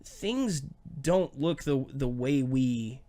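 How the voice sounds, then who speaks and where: A man hosting a podcast in casual chat, cracking dark deadpan jokes. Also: mid-range voice, slow. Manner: joking, dark deadpan humor. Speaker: podcast host.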